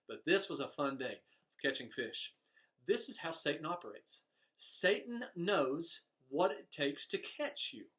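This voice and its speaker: A man preaching a sermon, telling stories in an animated way and pointing the lesson back to his listeners. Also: on the high side, measured pace. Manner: storytelling preacher, animated, voices quoted characters. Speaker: pastor.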